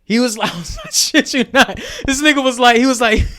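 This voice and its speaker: A man's voice: very high-pitched, racing. A young man co-hosting a podcast in casual chat, telling stories animatedly, laughing often and acting out what others said. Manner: animated storyteller, laughs often, acts out quotes. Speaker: podcast co-host.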